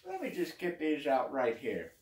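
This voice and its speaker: A man's voice: on the high side, wildly swooping pitch, moderate pace, darkish tone. A man teaching a children's music lesson in a playful way, speaking straight to the kids and imitating animal sounds.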